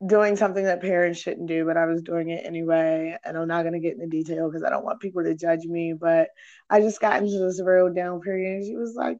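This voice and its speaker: A woman's voice: on the low side, little pitch movement, a little fast, darkish tone, lo-fi sound. Frank, profane young woman hosting a podcast. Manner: frank and profane, rambling with many fillers. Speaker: podcast host. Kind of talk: candid podcast chat.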